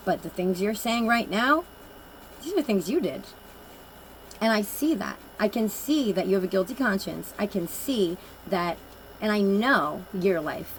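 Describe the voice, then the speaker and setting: In this rough recording with slight hiss or hum, a woman speaks at medium pitch with a fairly bright tone. Doing an informal oracle card reading, she rambles through personal anecdotes in a blunt, emphatic manner.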